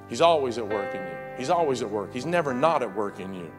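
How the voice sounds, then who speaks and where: A man's voice: medium pitch, animated, quick pace, hardly any pauses. A man preaching a sermon as pastor, repeating words and urging the congregation to say lines back to him. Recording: faint music behind.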